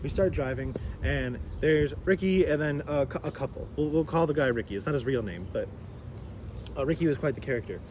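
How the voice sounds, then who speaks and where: Animated man telling a story outdoors. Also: on the high side, brisk, a little hiss or hum. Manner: animated, with many fillers and restarts. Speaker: rideshare driver and musician. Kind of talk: casual storytelling vlog.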